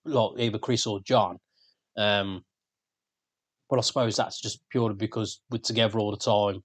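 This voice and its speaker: A podcast co-host from England with a Birmingham accent speaks at a normal pace in a fairly low, steady voice. It's casual chat full of laid-back, sweary banter.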